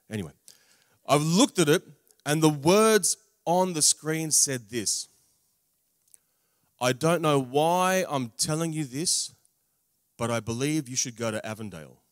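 A man giving a spoken testimony sermon, with humorous asides and big swings in loudness on emphatic words. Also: on the high side, dry recording, clean studio sound. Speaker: preacher. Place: large camp meeting venue.

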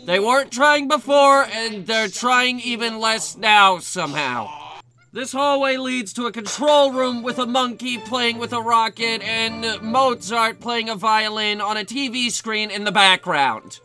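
A man with a very high voice picks apart a cheap movie in a mocking, exasperated running commentary. His tone is bright and sharp, and he curses freely. He bursts into outraged shouts at the worst moments. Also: unhurried, soft background music. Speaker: movie reviewer. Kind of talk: sarcastic comedic film review commentary.

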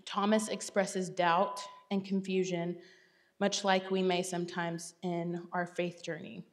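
A woman's voice: on the low side, little pitch movement, unhurried. A young woman, giving a chatty, self-deprecating Bible talk with frequent laughter. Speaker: church speaker. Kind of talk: casual Bible teaching talk.

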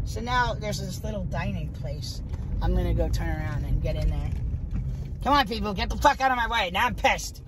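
A foul-mouthed American woman speaks straight to her viewers in an unscripted vlog, her voice sitting at an ordinary middle pitch. She is blunt and swears freely. A faint hiss of background noise runs under her words. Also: expressive, moderate pace. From United States. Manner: blunt, heavily profane, talks straight to viewers. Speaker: vlogger. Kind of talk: casual vlog talk to camera.

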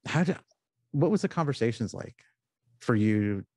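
A man hosting an interview podcast, asking measured, probing questions. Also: medium pitch, lively intonation, a little mellow, husky, dry recording, clean studio sound. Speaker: podcast host.

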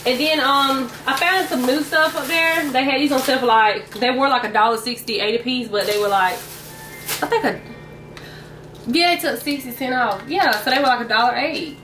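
Bright chatty woman vlogging. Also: high voice, a little fast, hardly any pauses, slight background noise. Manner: chatty, keeps addressing viewers as y'all. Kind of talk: casual grocery haul chat. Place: at home, indoors. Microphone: camera mic.

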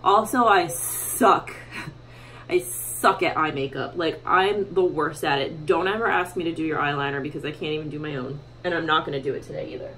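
Chatty young woman, lowish voice. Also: a little fast, a bit bright, a little hiss or hum, rough recording. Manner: chatty, many fillers, self-mocking. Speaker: beauty vlogger. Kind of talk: casual makeup tutorial chat. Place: home bathroom.

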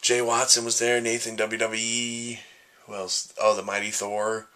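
A man's voice: lowish voice, level tone, measured pace, sharp tone. A young man vlogging casually, joking, rambling and making fun of himself. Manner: joking, rambling, self-mocking. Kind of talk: casual vlog.

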